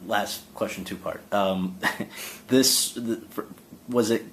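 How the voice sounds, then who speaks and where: A man interviewing an actress, asking questions in a halting way that searches for words. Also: lowish voice, a little hiss or hum, poor audio. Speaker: interviewer, awards analyst.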